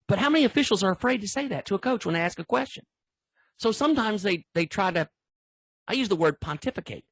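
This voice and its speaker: An older man, speaking as a football official in a training talk. His husky voice rambles in a folksy way, with lots of restarts. The sound is close and dry. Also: sits high, lively intonation, fairly quick, no room sound. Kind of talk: storytelling in an online training talk.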